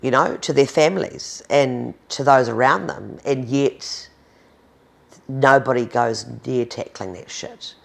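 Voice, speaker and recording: Blunt, gravelly New Zealand woman. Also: rumbling low, takes it slowly. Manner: blunt, emphatic, swears freely. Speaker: interviewee, domestic violence advocate. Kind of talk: candid conversational interview.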